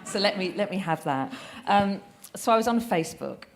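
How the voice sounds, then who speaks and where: A woman's voice: medium pitch, animated, normal speed. A woman speaking at a live event, sarcastic and sweary, laughing often as she talks. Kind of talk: comic stand-up style talk. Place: event hall with audience. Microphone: handheld mic.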